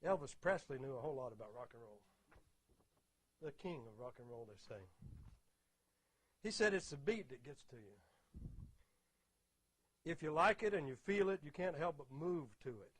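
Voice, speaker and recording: An older man lectures on music, explaining rhythm and counting out beats with steady emphasis. His voice sits a little higher than most men's. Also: normal speed, pauses often. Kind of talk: spoken lecture with audio clips.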